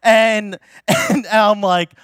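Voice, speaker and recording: A man's voice: sits high, steady tone, extremely slow, a bit bright, clean tone, dry recording, clean studio sound. A male pastor preaching in a church in a casual, story-driven way, talking in a chatty manner full of fillers and restarts.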